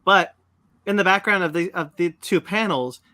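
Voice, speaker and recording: Bright-voiced man, halting, dry sound. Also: high-pitched, no room sound. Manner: halting, stumbling restarts. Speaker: podcast co-host. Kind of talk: casual podcast chat.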